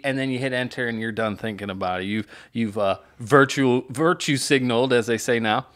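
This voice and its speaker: A middle-aged man, a pastor, chats through a song's lyrics in an easygoing way at a middle pitch. He reads lines aloud, then unpacks them, often restarting with "uh" and "you know". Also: moderate pace, few pauses, fairly bright tone. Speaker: pastor reacting to music. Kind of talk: casual reaction chat.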